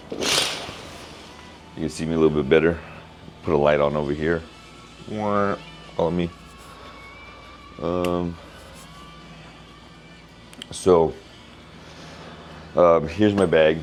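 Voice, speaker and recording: A man, a keynote speaker, chatting casually in a travel vlog and thinking out loud in a rambling way. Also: very deep voice.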